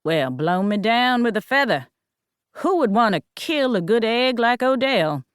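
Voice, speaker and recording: A gruff old-time Southern sheriff, blunt and folksy, slow and suspicious in every word, as a woman narrator puts him on. He speaks at a leisurely pace in a dry, close recording with no room around it. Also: on the high side, big pitch swings, no room sound, voice pushed up. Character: gruff drawling male small-town Southern sheriff.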